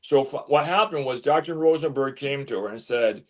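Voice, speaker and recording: A man telling a story as an interview guest, animated, stumbling and repeating words as he goes. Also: mid-range voice, moderate pace, hardly any pauses. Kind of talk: casual storytelling.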